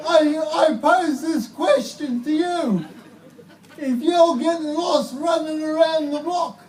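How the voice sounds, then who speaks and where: An Australian man performing live stand-up comedy at an outdoor concert, with slow, deliberate delivery that breaks into shouted punchlines. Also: very high voice, noisy background. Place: outdoor protest concert stage. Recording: distant live concert mic with crowd laughter.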